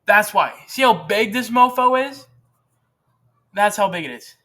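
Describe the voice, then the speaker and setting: A man's voice: sits high, expressive, unhurried, bright, forceful tone. A teenage boy hosting a casual how-to, rambling and chatty as he works at a home workbench, often correcting himself. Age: teens. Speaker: channel host demonstrating repair.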